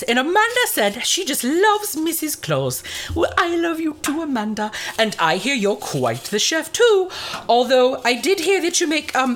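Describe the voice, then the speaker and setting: A woman's voice: sits high, fairly bright tone, exaggerated voice. A woman playing a cheerful, motherly Mrs. Claus who hosts a cooking segment, chatty and rambling with cheeky asides. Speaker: show host in character.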